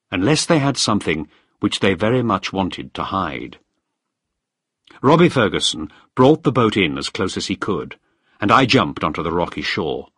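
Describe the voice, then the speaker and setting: A man narrating a first-person story in a measured, firm way. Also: low voice, fairly bright tone, breathy edge, dry recording, studio quality. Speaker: audiobook narrator.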